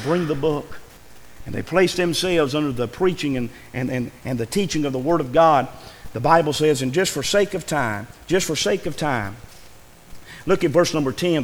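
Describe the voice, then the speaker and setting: A man's voice: a little high, long reverb tail, rough recording. A man preaching a sermon in a church, earnest and pleading, his voice rising with emotion. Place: church sanctuary.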